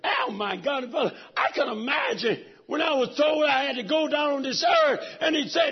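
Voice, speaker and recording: Raspy high-voiced man preaching fervently. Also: animated, normal speed, muffled recording. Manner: preaches fervently, swinging from soft talk to shouts. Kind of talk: sermon. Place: church sanctuary.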